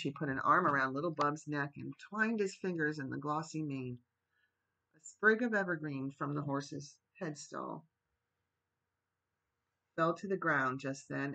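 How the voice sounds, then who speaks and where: A man reading a chapter book aloud as a gentle bedtime story. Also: fairly high pitch, vocal fry, low-quality recording. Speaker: storybook reader. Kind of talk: reading a children's novel aloud.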